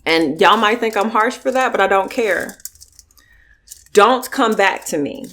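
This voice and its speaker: A woman's voice: medium pitch, measured pace, bright, forceful tone. A young woman from California talking bluntly and emphatically to her viewers while eating on camera. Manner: blunt, emphatic, talks between bites. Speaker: mukbang vlogger. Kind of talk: casual eating vlog chat.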